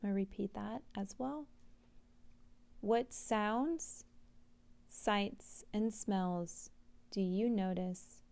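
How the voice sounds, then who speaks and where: A woman hosting a podcast, giving a gentle oracle card reading and slowly repeating mantras and journal prompts. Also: medium pitch, gravelly. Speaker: podcast host, tarot reader.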